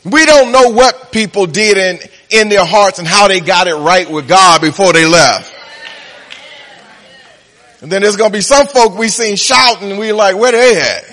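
A man with a high-pitched voice preaches a sermon, drawing out key words slowly, then speeding up and breaking into laughter at his own punchlines. His voice rings through a big hall with a long, trailing reverb. The delivery is a pastor working the congregation, soft one moment and loud the next.

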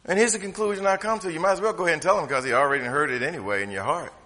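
A man preaching a humorous, conversational sermon from the pulpit, swinging from loud to hushed. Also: fairly high pitch, racing, long reverb tail. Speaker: pastor. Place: church sanctuary.

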